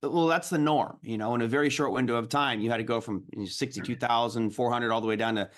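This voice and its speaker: A man, a guest trader, explaining markets in an animated, casual way. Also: medium pitch, fast.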